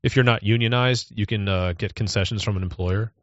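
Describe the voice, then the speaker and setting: A man's voice: on the low side, steady tone, a little fast, no room sound, dull audio. A man on a podcast talking in a mocking, sardonic way and mimicking people he scorns. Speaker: podcast co-host. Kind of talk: casual chat.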